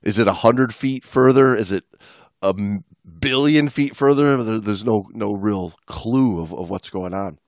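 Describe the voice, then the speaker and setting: A man's voice: lowish voice, unhurried, no echo, clean studio sound. A man co-hosting a podcast, chatting casually and joking between book passages. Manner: joking, reads quotes with a mock French flair. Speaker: podcast co-host. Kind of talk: casual chat, reading book passages aloud.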